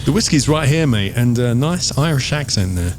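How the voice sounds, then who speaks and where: A man's voice: medium pitch, lively intonation, normal speed, darkish tone, a little hiss or hum. A man hosting a whiskey podcast who banters with his co-hosts. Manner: friendly, bantering. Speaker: podcast host. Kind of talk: casual chat.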